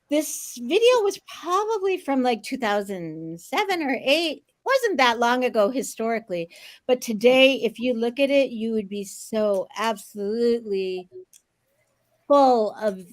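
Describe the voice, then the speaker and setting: High-voiced animated woman co-host. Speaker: podcast co-host. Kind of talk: casual panel chat.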